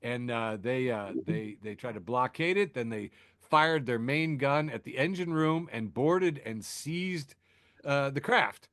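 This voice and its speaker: A man's voice: mid-range voice, measured pace, fairly bright tone, dry recording, clean studio sound. Sardonic man hosting a podcast, laughing. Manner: sardonic, laughs at own jokes; filler-heavy, restarting. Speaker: podcast host. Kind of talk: casual news chat.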